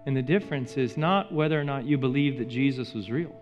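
A man preaching a sermon as pastor, rising to loud emphatic peaks and dropping to soft, hushed storytelling. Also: mid-range voice, brisk. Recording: slightly dull sound with faint music behind.

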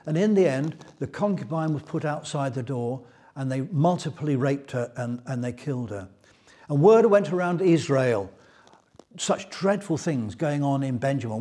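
A man preaching a Bible teaching sermon, retelling scripture in a lively storytelling way. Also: on the high side, moderate pace, breathy edge.

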